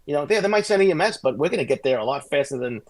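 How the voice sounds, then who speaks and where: Fast-talking middle-aged ex-cop storyteller. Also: male voice, fairly high pitch. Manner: fast, animated anecdotes with restarts. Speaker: guest, former police sergeant. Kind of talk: casual podcast storytelling.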